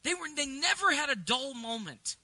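A middle-aged man delivers a sermon in a high, ringing voice. He moves between relaxed, chatty storytelling and emphatic preaching, and the sound is close and dry. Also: normal speed, no echo, poor audio. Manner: conversational, rising to emphatic preaching. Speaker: pastor.

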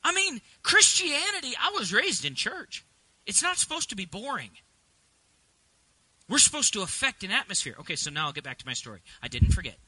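A man's voice: very high-pitched, very animated, a little fast, pushed and bright, husky, no room sound, rough recording. A middle-aged male pastor preaching a sermon, mixing chatty asides with emphatic preaching. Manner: conversational, rising to emphatic preaching.

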